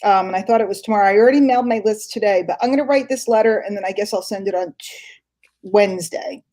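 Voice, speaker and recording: A woman hosting a casual live stream. She chats and thinks out loud, with lots of ums. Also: mid-range voice, quick pace. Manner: chatty, thinks aloud with many fillers. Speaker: host.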